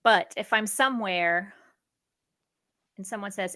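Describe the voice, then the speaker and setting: Woman, 30s, bright voice, fairly high, chatty co-host. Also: a little slow. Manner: chatty and animated, reads out questions. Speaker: podcast co-host. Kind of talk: casual chat.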